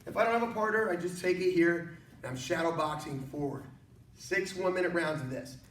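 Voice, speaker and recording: A man's voice: on the high side, fairly quick. A man teaching an online martial arts class, coaching with energy and jokes. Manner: energetic, joking, encouraging coaching. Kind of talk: online workout class instruction. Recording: echoey room, mic at a distance, faint noise.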